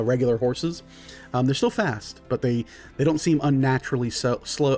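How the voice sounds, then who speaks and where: Man, game master, relaxed narration, lots of fillers, faint music behind. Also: mid-range voice.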